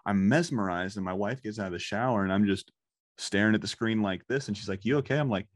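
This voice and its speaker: A man in his thirties, a guest gushing about a cartoon in casual chat, excitable and close to tears, swearing freely. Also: fairly low pitch, fairly quick, no room sound. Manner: emotional, swearing, excitable storytelling. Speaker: guest, fan of the show.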